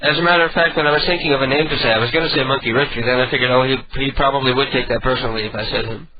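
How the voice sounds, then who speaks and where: Recorded through a home phone and studio mic setup, this dull lo-fi internet radio clip features a man hosting the show. His voice is medium-pitched with fairly even intonation, and he talks rapid-fire. He chats casually, rambling and poking fun at himself.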